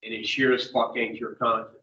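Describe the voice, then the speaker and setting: A man talks a little fast in a level, mid-range voice that sounds pushed and bright. Leading an addiction recovery group, he's blunt and profane, rapidly questioning the people in front of him. There's slight background noise, and the distant mic catches a dull, echoey room.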